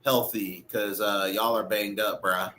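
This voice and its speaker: Slow, laid-back man on a podcast. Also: on the low side, steady tone, bright, forceful tone. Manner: laid-back slangy talk. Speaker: co-host. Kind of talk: casual sports podcast chat.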